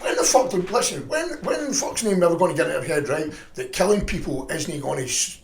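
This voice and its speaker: A middle-aged man telling stories in a profane, rambling, animated way. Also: a little high, fairly quick, creaky, reverberant. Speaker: podcast guest. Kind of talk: casual storytelling chat.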